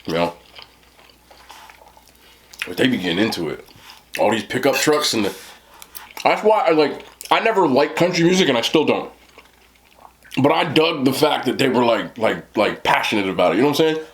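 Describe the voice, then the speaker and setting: A man's voice: medium pitch, expressive, normal speed, pauses often. A man in his thirties with a New Jersey accent, telling a rambling story to camera on his eating show and laughing often. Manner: rambling, laughing, lots of "you know what I'm talking about". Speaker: mukbang host.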